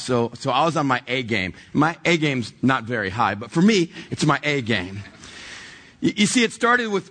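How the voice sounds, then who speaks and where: A middle-aged pastor tells stories from the church stage in a high, husky voice. He is animated and pokes fun at himself, acting out both sides of every conversation. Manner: animated, self-mocking, acts out dialogue. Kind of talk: storytelling sermon. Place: church stage before a congregation.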